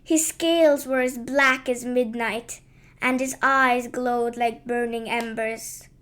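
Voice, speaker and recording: A woman narrating a children's bedtime story in a gentle, lilting and unhurried way. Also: fairly high pitch, steady tone.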